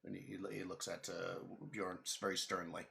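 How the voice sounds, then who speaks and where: A man narrating as game master of a tabletop game, talking in halting bursts with many fillers. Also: low voice, level tone, vocal fry, pushed and bright.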